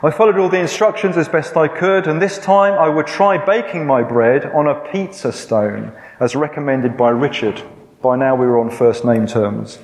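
An older man, a preacher, spins a homely tale in a sermon, gently humorous and quick to poke fun at himself. His voice sits a little high. The sound rings in a roomy, reverberant hall. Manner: self-deprecating, gently humorous, with fillers. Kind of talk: storytelling sermon. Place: church hall. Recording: echoey hall.

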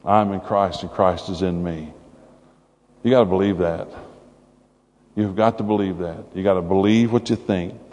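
A man preaching a sermon to a congregation, animated and conversational, with playful asides. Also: fairly low pitch, moderate pace. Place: church hall before a congregation. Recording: long hall reverb with faint music.

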